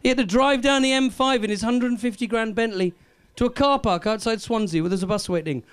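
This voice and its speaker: A man's voice: very high-pitched, a little fast, hardly any pauses, clear, resonant tone. A Welsh man doing a live stand-up comedy set, cheekily teasing and chatting with the audience. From Wales.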